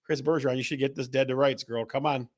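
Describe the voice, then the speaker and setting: A man hosting a live online show, energetic and repetitive, rattling off viewer answers like an auctioneer. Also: mid-range voice, quick pace. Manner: energetic, auctioneer-like, repeats questions. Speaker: host. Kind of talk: livestream show host reading chat.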